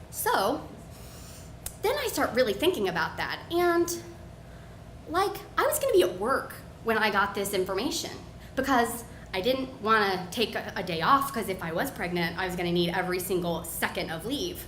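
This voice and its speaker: Animated woman telling a story on stage. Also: medium pitch, normal speed, slight background noise. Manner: animated, self-mocking inner monologue. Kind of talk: live personal storytelling. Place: bar with live audience. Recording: echoey room, faint ambience.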